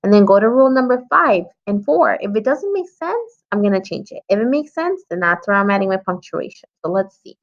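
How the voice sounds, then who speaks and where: A woman's voice: mid-range voice, very animated, fairly quick, few pauses. A woman teacher giving a writing lesson to young children, patiently thinking aloud as she edits her story. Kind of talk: early-grade writing lesson. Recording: slightly dull lo-fi sound.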